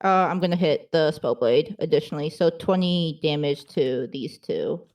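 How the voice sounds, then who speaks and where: A woman's voice: low voice, normal speed, darkish tone. A woman playing a tabletop game, asking about the rules in a chatty, hesitant way with many fillers. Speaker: player.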